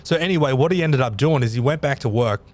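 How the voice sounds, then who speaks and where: Guy casually retelling a story, rambling, mid-pitch voice, faint music behind. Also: fast talker, darkish tone. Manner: rambling, lots of fillers and emphatic repeats. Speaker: podcast host.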